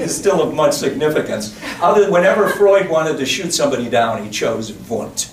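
A man's voice: mid-range voice, big pitch swings, normal speed, hardly any pauses. A man giving a public lecture in a digressive, chatty way, full of asides and restarts. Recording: roomy echo, distant mic, faint hiss.

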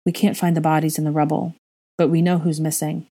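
A woman voicing a grief-stricken young husband who speaks in a flat, halting monotone. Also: low voice. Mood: numb.

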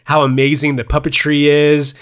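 A man's voice: a little high, completely flat delivery, normal speed, fairly bright tone. Laughing, joking man, casual podcast chat. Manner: laughs often, loose and joking. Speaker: podcast co-host. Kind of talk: casual chat about movies.

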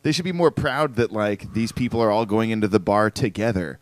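A man's voice: fairly low pitch, lively intonation, fairly quick, no room sound. A man co-hosting a podcast, rambling through casual comedic banter with many filler words. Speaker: podcast co-host. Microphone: studio podcast mic.

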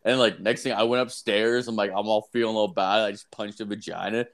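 A man's voice: lowish voice, fairly even intonation, a little fast. A young man co-hosting a podcast in casual chat, telling crude stories with heavy swearing and filler words. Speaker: podcast co-host.

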